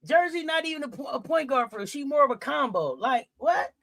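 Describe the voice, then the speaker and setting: A woman with a high, lively voice talks briskly, her tone fairly bright and the recording dry. She hosts a sports talk stream, ranting heatedly at her viewers in a live-chat rant full of swearing and repeated phrases, and she speaks to them directly and often.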